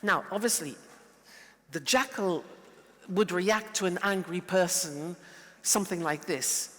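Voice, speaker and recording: A man giving a lively, playful lesson, acting out examples as he explains. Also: sits high, takes it slowly. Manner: lively, playful, animated demonstrations. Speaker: teacher. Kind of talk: lecture with role-play. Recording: long reverberant hall.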